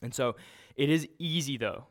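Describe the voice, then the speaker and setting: A man preaching a sermon in a relaxed, conversational way, often restarting and using fillers. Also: mid-range voice, normal speed.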